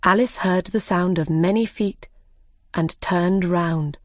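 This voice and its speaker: Learner-story narrator: woman, slow and clear, dry close mic. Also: on the low side, dry recording. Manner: clear, deliberate.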